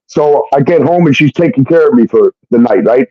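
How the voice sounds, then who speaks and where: A man telling a personal story in an animated way, often asking "okay?" as he goes. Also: mid-range voice, no room sound, dull audio. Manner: animated, keeps adding "okay?". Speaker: recording artist telling his story. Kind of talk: casual storytelling monologue.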